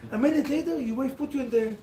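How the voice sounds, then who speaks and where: A man giving a sermon as a rabbi to a seated audience, telling stories in halting, non-standard English. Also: very high voice, warm tone, reverberant, recorded from a distance, slight background noise, poor audio.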